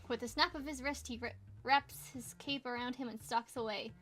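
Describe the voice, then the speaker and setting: A young woman reading a game's story aloud in a casual let's play, dropping playful asides. Her voice sits high. Faint background music plays. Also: fairly even intonation, fairly bright tone. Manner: playful, quick asides and exclamations. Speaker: gamer reading a visual novel aloud.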